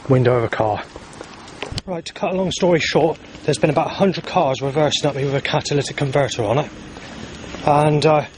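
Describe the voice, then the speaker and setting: Agitated man ranting outdoors by traffic. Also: fairly high pitch. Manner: agitated, heavy swearing, bursts of anger. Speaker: vlogger recording his day. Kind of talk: rambling spoken diary. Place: outdoors in town, at streets, stations and bus stops. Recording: outdoor street noise and passing vehicles.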